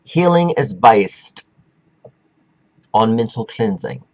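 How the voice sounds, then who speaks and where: A man's voice: fairly low pitch, expressive, slow, dull audio. A man giving a meandering, preachy spiritual pep talk, stretching out words for emphasis. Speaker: self-help speaker.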